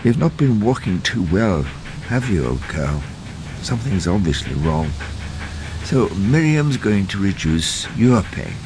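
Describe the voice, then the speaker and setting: A man in his sixties playing a dry, deadpan counsellor who also chats softly to his dog. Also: on the low side, a little slow, noisy background. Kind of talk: scripted comedy dialogue.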